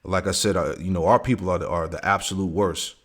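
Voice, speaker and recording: A man giving a scripture lesson, reading verses slowly and peppering his talk with "man" and "all right". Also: low voice, steady tone. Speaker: religious teacher.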